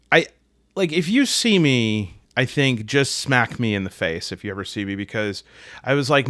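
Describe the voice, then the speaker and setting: A man's voice: medium pitch, fairly bright tone. An American man chatting casually to camera about tabletop games. He jokes at his own expense and slips into goofy voices when quoting people. His voice sits mid-range, recorded close and dry with no room echo. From United States. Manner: joking, self-deprecating, puts on silly voices for quotes. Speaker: solo tabletop gaming host.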